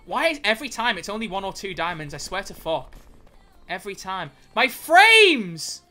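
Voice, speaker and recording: A man chatting casually on a livestream, reading chat aloud, joking and swearing with quick self-corrections. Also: sits high, animated, bright, forceful tone, faint music behind.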